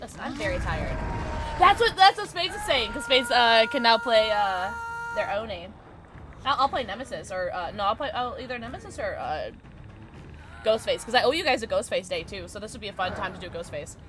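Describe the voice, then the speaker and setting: Woman streamer, high lively voice, chatty gameplay talk, noisy background. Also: brisk. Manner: chatty, reacts loudly, reads chat aloud. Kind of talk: casual gameplay livestream chat. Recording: steady background noise.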